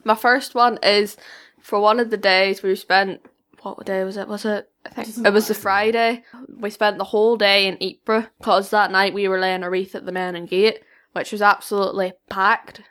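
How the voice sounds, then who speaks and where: A woman's voice: mid-range voice, level tone, normal speed, a bit bright. Teenage girl, casual recounting, hesitant. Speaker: podcast guest. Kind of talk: casual storytelling.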